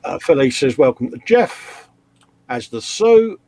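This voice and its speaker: A husky-voiced man chats casually on a live hobby stream. He reads viewer comments aloud, teasing and joking along the way. His voice sits at an ordinary middle pitch. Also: big pitch swings, unhurried, darkish tone. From England. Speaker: host of a live model-building stream. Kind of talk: casual live-stream banter, reading chat.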